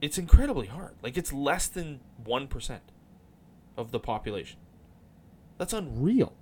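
Male podcast host, mid pitch, very expressive, casual and rambling. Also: normal speed, a little hiss or hum. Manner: animated, rambling, swears casually. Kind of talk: casual chat about hockey.

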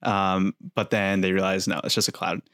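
A man's voice: sits low, flat delivery, normal speed, a bit bright, no echo, clean studio sound. A young man co-hosting a podcast, easygoing as he retells scenes with quoted lines. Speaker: podcast co-host. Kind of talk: casual recap narration.

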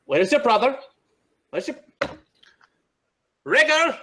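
A man's voice: extremely high pitch, animated, slow pace, pushed and bright, voice pushed up, exaggerated voice. A man voicing an eager, chatty male woodland hermit who talks in a raised, stammering voice. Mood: cheerful.

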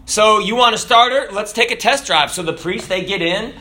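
A man preaching a sermon. He tells a joke in storyteller fashion, then reads scripture, often letting his voice fall low and soft at the ends of lines. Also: normal speed. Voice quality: dramatic drops in pitch and volume at line ends.

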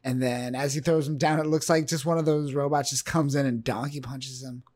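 A man casually recapping a comic book on a podcast, halting with fillers and acting out the characters' lines. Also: mid-range voice. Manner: relaxed, halting, many fillers, acts out quoted characters. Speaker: podcast co-host.

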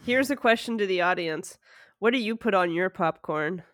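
A young woman co-hosting a casual chat, animated and laughing through her stories, swearing casually. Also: medium pitch, normal speed, no echo, studio quality. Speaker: podcast co-host.

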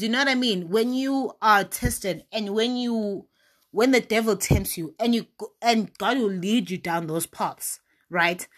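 A young woman speaking in a motivational faith talk, voice at a middle pitch. She tells her own story emphatically, with sudden loud, animated bursts.

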